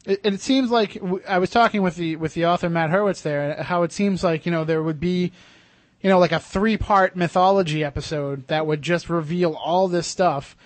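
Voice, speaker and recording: A man's voice: high-pitched, no room sound. A man hosting a radio show in casual, rambling chat, often restarting his sentences. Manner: quick, chatty, rambling with restarts.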